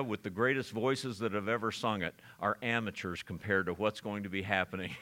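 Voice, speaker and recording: Bright-voiced man preaching a sermon. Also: fairly low pitch. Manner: earnest, halting, with frequent uh fillers and repeated words. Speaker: pastor. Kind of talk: expository sermon.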